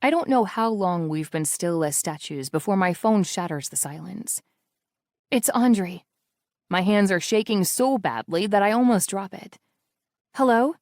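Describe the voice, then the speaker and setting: A woman's voice: medium pitch, unhurried, no room sound, clean studio sound. Woman reading an intimate first-person audiobook. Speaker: audiobook narrator.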